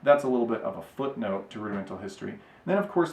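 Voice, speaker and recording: A man explaining drumming history in a relaxed, rambling way, with frequent fillers and asides. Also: fairly low pitch, fast, slight background noise. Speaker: drumming educator. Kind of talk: casual explanatory lecture. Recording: echoey room.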